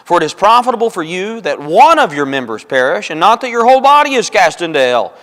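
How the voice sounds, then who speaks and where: A fast-talking, very animated man with a high-pitched, fairly bright voice preaches to his congregation in a church auditorium. His emphatic sermon repeats phrases for stress and calls listeners folks and brethren, echoing with long church-hall reverb.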